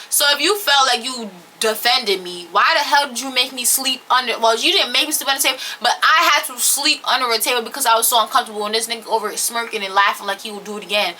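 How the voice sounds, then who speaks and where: A young woman tells a storytime straight into her camera, animated and emphatic, with plenty of slang and swearing. Her voice is very bright and sits a little high. The faint hum of room ambience sits under her voice. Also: a little fast, hardly any pauses. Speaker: storytime vlogger. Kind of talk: casual storytime chat to camera. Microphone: camera or phone on-board mic.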